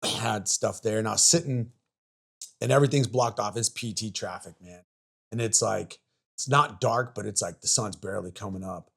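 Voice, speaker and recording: A man's voice: fairly low pitch, normal speed, creaky, husky. A man in his forties, a podcast guest and army veteran, telling stories in a rambling, profane way with lots of fillers and restarts. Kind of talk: casual storytelling chat.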